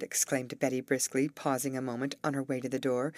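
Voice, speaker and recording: A woman narrating a graded English story for learners, reading slowly, clearly and evenly. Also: extremely low pitch, flat delivery, darkish tone, no echo.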